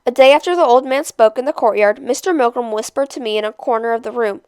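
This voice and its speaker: A woman reading a novel aloud chapter by chapter, in a steady, measured storytelling voice. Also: on the high side, smooth, no room sound. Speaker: storybook reader.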